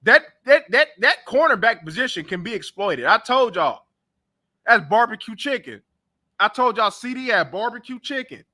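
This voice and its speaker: A man's voice: very high-pitched, big pitch swings, moderate pace, bright, forceful tone. A young man hosting a sports talk show, ranting casually and bluntly about his team and trash-talking its players. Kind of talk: casual sports reaction rant.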